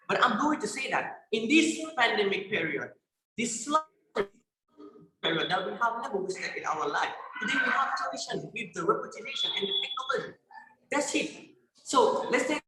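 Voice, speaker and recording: High, bright Senegalese teen debater. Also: male voice. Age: teens. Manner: emphatic, fires rhetorical questions, stumbles and repeats words. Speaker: student debater. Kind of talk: competitive debate speech. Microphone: video call. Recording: echoey room on a video call.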